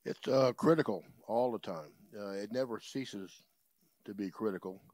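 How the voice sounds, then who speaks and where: A man speaking as a guest in a casual chat, measured and unhurried, with playful wordplay. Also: lowish voice, a little mellow, dry recording. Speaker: guest musician.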